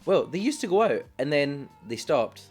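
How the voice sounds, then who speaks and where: A man's voice: a little high, very animated, normal speed, music in the background. A young Scottish man co-hosting a podcast, bantering and telling stories with swearing in casual chat. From Scotland. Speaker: podcast co-host.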